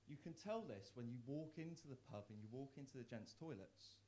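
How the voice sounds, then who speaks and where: A young man from the doing a live stand-up set in a comedy club, self-mocking, with stammered restarts and sudden loud punchlines. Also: mid-range voice, expressive, fairly quick, slight background noise. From Worcester, England.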